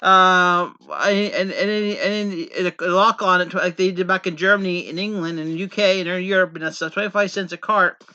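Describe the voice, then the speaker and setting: A man's voice: sits high, fairly even intonation, normal speed, few pauses, bright, forceful tone, clear, resonant tone, lo-fi sound. A man from the Pennsylvania coal region talking in a rambling, earnest monologue, repeating himself with many false starts. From Pennsylvania coal region, USA. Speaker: vlogger. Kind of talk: casual rambling monologue to camera.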